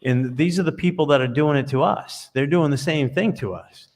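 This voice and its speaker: A man's voice: fairly high pitch, normal speed, a little mellow. Man, podcast guest, earnest, storytelling like a preacher, over a video call. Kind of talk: conversational interview.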